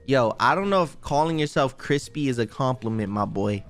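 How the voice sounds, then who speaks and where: A man giving casual, excitable gaming commentary, repeating himself and talking straight to viewers. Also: medium pitch, moderate pace, faint music behind. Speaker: gaming YouTuber.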